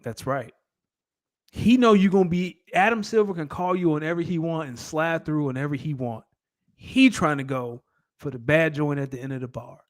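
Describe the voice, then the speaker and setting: A man's voice: on the high side, moderate pace. A man co-hosting a casual podcast chat, making his case in an emphatic, argumentative way. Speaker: podcast co-host.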